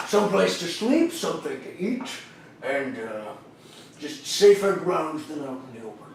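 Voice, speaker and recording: A man's voice: on the high side, sing-song, normal speed, vocal fry, a little hiss or hum. A man voicing a jovial, bored alien general who leads hunters, with a drawling, folksy Texan-tinged Sean Connery impression. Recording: echoey room, mic far off.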